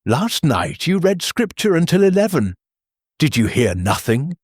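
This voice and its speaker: A shrewd, soft-spoken detective voiced by a male narrator presses with quiet, deliberate questions. The voice is husky and unhurried, its pitch rising at the ends of questions. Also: sing-song, dry recording, studio quality, exaggerated voice. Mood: probing.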